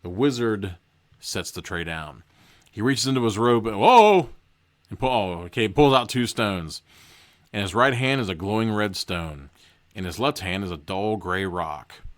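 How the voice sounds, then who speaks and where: Low-voiced man reading a book aloud. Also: normal speed, fairly bright tone. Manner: reads casually, breaking off for joking asides. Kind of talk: casual read-aloud with commentary.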